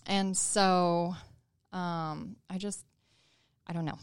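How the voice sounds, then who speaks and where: A woman guest on a business interview show tells a personal story in a chatty, rambling way. Her voice is smooth and resonant. The recording is dry and close. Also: lowish voice, fairly even intonation, takes it slowly, no echo. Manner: chatty, many fillers and "like"s.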